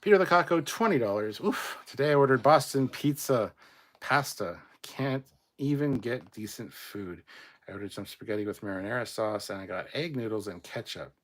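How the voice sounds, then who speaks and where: A man's voice: mid-range voice, lively intonation, moderate pace, fairly bright tone. A man from Canada reading out viewer comments in a casual live chat, blunt and rambling, swearing freely.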